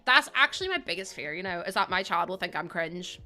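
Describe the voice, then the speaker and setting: A woman's voice: on the low side, expressive, brisk, sharp tone. A young woman livestreaming, chatting casually and self-mockingly with her viewers while she plays a game.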